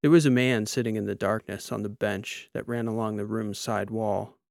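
Brief: man narrating fiction, measured pace, gravelly tone, dry close sound. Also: fairly low pitch, steady tone, dry recording. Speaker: audiobook narrator. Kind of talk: scripted narration.

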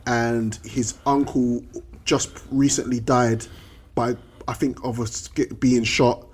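A man hosting a podcast in casual chat, telling stories in slangy, animated talk. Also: medium pitch, slow pace, husky. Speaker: podcast host.

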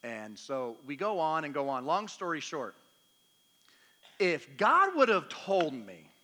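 A man's voice: on the high side, wildly swooping pitch, slow pace, pushed and bright. A man preaching a storytelling sermon in a chatty, self-deprecating, humorous way, acting out bits of dialogue. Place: church meeting hall. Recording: long hall reverb.

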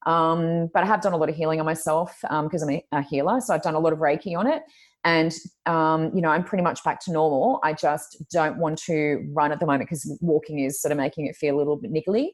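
A woman's voice: low-pitched, fairly even intonation, fast talker. A woman, co-hosting a podcast in casual chat, telling stories and acting out the voices of people she quotes. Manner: chatty storytelling, acts out quoted voices. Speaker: podcast co-host.

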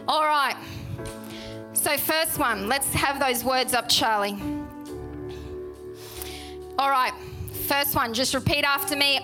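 A woman's voice: high voice, slow pace, pauses often, music in the background. A woman preaching a sermon to her church, chatty and emphatic, repeating key words. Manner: animated, chatty, with laughs and emphatic repetition. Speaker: pastor. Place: church hall.

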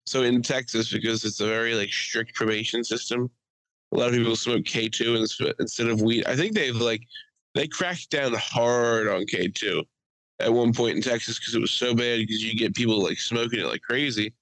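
A man co-hosting a loose podcast conversation, his voice bright and forward. He jokes, swears freely and teases his friend. The sound is dry and close to the mic. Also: medium pitch, moderate pace, no room sound, poor audio. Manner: joking, profane, mocking put-on voices. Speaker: podcast co-host. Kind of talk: casual chat.

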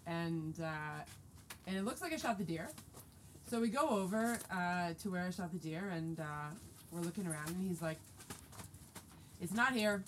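A woman in her forties telling a story casually and lively, acting out quoted dialogue. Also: on the low side, moderate pace, slight background noise. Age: 40s. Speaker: guest telling a hunting story.

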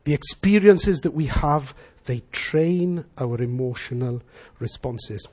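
With a medium-pitched voice and a slow delivery, a middle-aged man from Wales preaches, weaving in stories and acting out the voices of their characters.

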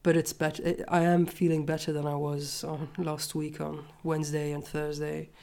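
A woman's voice: deep voice, little pitch movement, moderate pace, vocal fry, darkish tone. A woman co-hosting a casual chat podcast while congested from a cold, chatty and self-mocking. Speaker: podcast co-host.

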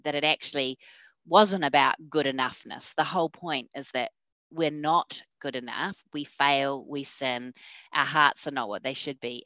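New Zealand woman, low crisp voice, lively storyteller, dry muffled sound. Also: dry recording. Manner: lively storyteller, acts out quoted speech. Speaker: guest. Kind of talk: telling a personal faith story.

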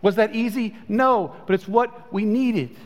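A pastor preaching a sermon in a conversational way, his voice swinging between high and low. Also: measured pace. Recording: long hall reverb.

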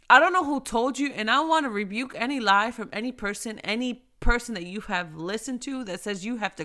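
A woman giving a casual Christian devotional talk to other women, encouraging and preachy, who slows down to stress key phrases and talks straight to her listeners. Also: a little high, bright, forceful tone.

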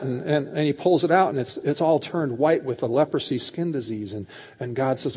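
A male pastor giving a sermon, retelling scripture in lively paraphrase with animated voices for the characters and often repeating words as he starts sentences. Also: fairly high pitch, fast talker, husky. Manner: animated storytelling, voices God and Moses in casual paraphrase. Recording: dull lo-fi sound with long hall reverb.

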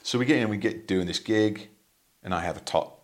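A man's voice: fairly low pitch, a little fast, a little hiss or hum. A man, a musician, telling rambling anecdotes in casual chat, with plenty of ums. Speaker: musician guest.

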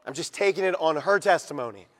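A man with a high voice delivers an emphatic sermon, moving from loud to quiet and stretching out key words. His voice rings with the long reverb of a large church sanctuary. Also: animated. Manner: emphatic preaching, swinging between loud and quiet, slowing for stress. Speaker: pastor.

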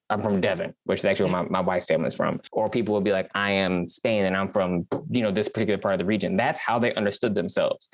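A man's voice: lowish voice, dry recording. A man hosting a podcast discussion, talking earnestly and emphatically, often checking in with "right?". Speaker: podcast host. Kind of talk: conversational discussion.

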